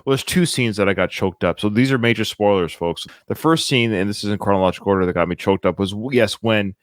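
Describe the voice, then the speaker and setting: A man's voice: fairly low pitch, fast, no room sound, studio quality. A man hosting a podcast, chatting casually and animatedly as he reviews a film. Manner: conversational, animated retelling of scenes. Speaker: podcast host.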